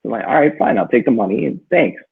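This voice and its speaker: A man with a slightly husky voice tells a long personal story in a loose, rambling way, full of fillers and restarts. The sound is thin and phone-like. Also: medium pitch, fast. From northern Minnesota. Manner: rambling, many fillers, lively when quoting himself. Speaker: book club co-host. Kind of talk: casual storytelling chat. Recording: tinny phone-like audio.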